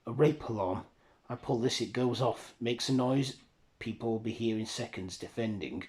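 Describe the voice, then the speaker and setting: A man voicing a wary, sharp-tongued young woman who works as a nurse, talking quick and guarded. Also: mid-range voice, voice pushed up, lightly acted. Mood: defensive.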